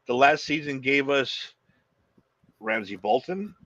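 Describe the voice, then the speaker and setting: A man co-hosting a podcast in casual chat, blunt and excitable, swearing freely. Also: medium pitch, takes it slowly, no echo, dull audio. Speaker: podcast co-host.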